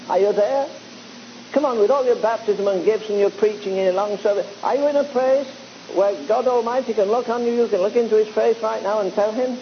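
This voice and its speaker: High-pitched guy preaching to a church crowd, chatty and pushy, muffled old recording. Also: brisk. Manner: conversational, exhorting and teasing the congregation. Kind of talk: sermon. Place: church before a live congregation. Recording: dull lo-fi recording with faint hiss.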